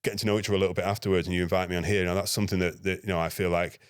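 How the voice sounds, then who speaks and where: Male podcast guest, rapid storyteller with a lowish voice. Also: clear, resonant tone, no echo, clean studio sound. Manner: lively anecdote-telling, acting out his own dialogue. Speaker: guest, NGO security manager.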